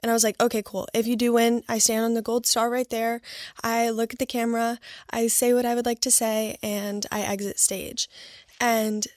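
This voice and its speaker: Chatty young woman, slightly high voice. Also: moderate pace, no echo, clean studio sound. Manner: chatty, excitable, lots of "like". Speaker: award winner. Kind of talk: casual storytelling.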